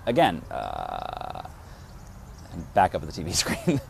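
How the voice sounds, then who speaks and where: A man in his thirties from Massachusetts, an actor and director, telling a personal story to camera in a lively way and acting out the dialogue. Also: low voice, unhurried, vocal fry, a little hiss or hum. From Massachusetts, USA.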